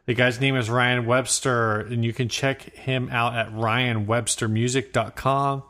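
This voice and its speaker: A man co-hosting a podcast in casual chat, with relaxed, dry joking. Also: mid-range voice, measured pace. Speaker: podcast co-host.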